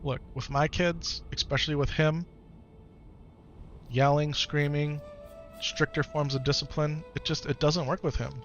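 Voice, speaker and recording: A man in his thirties at home, talking gently and patiently to his young son, then chatting casually with his live-stream viewers. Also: on the high side, steady tone, a little slow, muffled recording. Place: home, in the morning. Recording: clear background music under voice. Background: music.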